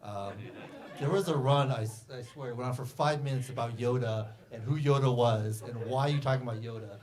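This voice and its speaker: A man, the film's director, answering audience questions at a festival screening in a theater, rambling and animated with many fillers. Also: medium pitch, a little fast. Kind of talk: festival Q&A talk. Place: movie theater.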